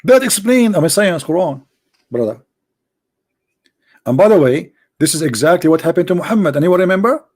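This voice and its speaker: A sarcastic man with a somewhat high voice hosts a live-streamed debate. He talks in a mocking, theatrical way. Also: lively intonation, brisk, pauses often, darkish tone, slightly rough. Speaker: debate host.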